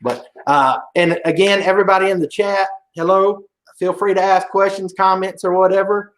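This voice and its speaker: A man hosting a casual livestream interview, easygoing and halting with fillers. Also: high-pitched, steady tone. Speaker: podcast host.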